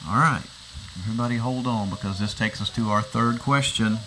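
A pastor preaches a sermon, teaching through a passage and asking rhetorical questions, often repeating words as he restarts. His voice is fairly low, fairly quick and fairly bright, on a rough recording with a little hiss or hum.

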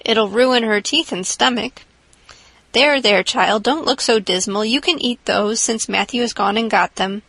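A woman reading the part of a stern, practical older woman in an audiobook, brisk and scolding. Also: fairly high pitch, vocal fry, a bit bright, no echo, exaggerated voice, rough recording.

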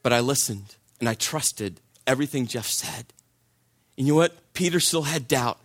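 A man's voice: medium pitch, animated, normal speed. A man preaching a sermon, telling a personal story in a conversational way and repeating phrases for emphasis.

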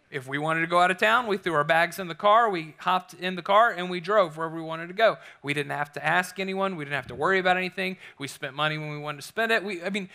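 A man's voice: high voice, bright, forceful tone. A man in his thirties preaching a sermon through a candid, self-deprecating personal story.

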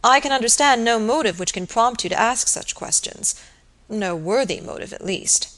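A woman voicing a quiet, proper male village surgeon who speaks politely and formally. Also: a little high, animated, moderate pace, voice pushed up. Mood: stiff, indignant.

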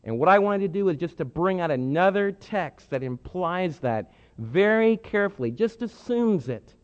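A man preaching a sermon with emphatic delivery, swinging between hushed and loud. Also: high voice, lively intonation, moderate pace. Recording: muffled sound with long hall reverb.

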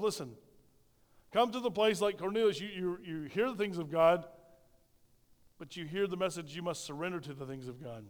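High-voiced preacher in a reverberant church. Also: male voice, moderate pace, long pauses. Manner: storytelling preacher, repeats phrases, asks the congregation questions. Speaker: pastor. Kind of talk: sermon. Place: church sanctuary. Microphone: handheld microphone.

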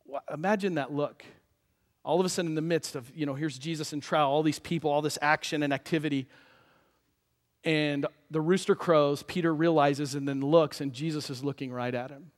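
A male pastor delivers a sermon, narrating the story with energy and performing the voices of its characters. His voice is slightly high and a bit quick, with the sound of a large room.

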